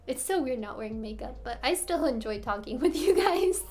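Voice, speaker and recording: High-voiced chatty American woman streamer. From United States. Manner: chatty, giggly, answers viewer questions. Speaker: livestream host answering chat. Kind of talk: casual live-stream chat. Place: apartment in Korea.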